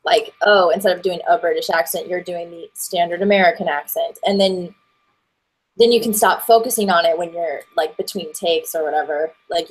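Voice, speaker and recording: A woman in her twenties, an actress and voiceover performer, chatting as a guest in a relaxed, rambling way with plenty of fillers. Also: lowish voice, slightly rough, poor audio. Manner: rambling, many fillers and restarts, stop-start. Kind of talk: casual interview chat.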